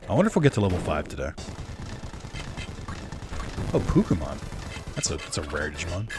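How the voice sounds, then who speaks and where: A man's voice: low voice, huge pitch swings, brisk, background noise. A man giving casual, rambling live-stream commentary while playing, chatting with viewers and correcting himself often. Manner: rambling, filler-heavy and self-correcting, chats with viewers.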